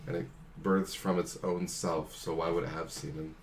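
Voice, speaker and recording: A man's voice: low-pitched, level tone, normal speed, slight background noise. A man running a tabletop game as game master, describing the scene in a dry, matter-of-fact way. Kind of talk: narrating a tabletop game over voice chat.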